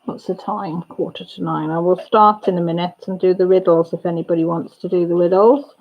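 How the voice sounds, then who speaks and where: A woman's voice: on the low side, steady tone, fairly quick. A woman hosting a casual livestream chat, greeting viewers by name and chatting with her family off-camera. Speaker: livestream host and mother. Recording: dull lo-fi audio.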